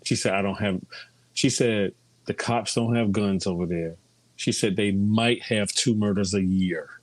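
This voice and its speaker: A man's voice: fairly low pitch, a little slow, no room sound. A middle-aged man chatting casually in a group, telling stories and quoting people. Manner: chatty storyteller, quotes others often.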